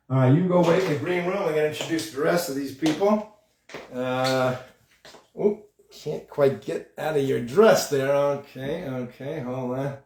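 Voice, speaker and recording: A man hosting a live-stream puppet show, talking in a rambling, halting way. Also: mid-range voice, a little mellow. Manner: rambling, halting, many fillers. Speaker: host and puppeteer. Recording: echoey room, voice far from mic.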